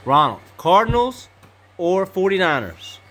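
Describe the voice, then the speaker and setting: A woman hosting a casual family podcast, briskly calling on each person and repeating their picks back. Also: on the low side, very animated, a bit bright, a little hiss or hum. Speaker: podcast host.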